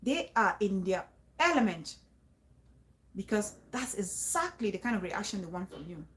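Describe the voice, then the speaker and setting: A vlogger giving advice speaks casually to her viewers in a very animated, fairly bright mid-range voice at normal speed. She's emphatic and repetitive, often restarting phrases and urging them to trust her.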